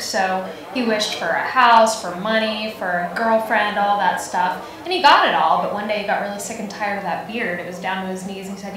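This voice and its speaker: Woman, casual storyteller, mid-pitched voice, crowd noise behind. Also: a little fast, hardly any pauses. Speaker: amateur joke teller. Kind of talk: storytelling a shaggy-dog joke. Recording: echoey room from far off, crowd behind.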